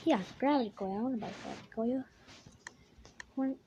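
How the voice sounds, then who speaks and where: A young woman giving excitable gameplay commentary, gasping and exclaiming at what happens in the game. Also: high voice, fairly quick, highs cut off, slight background noise. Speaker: gaming YouTuber.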